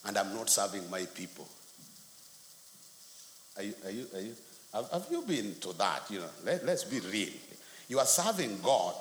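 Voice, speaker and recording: Animated preacher in an echoey hall. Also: male voice, lowish voice. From Kenya. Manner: animated storytelling, acts out quotes. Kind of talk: sermon. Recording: echoey hall, faint noise.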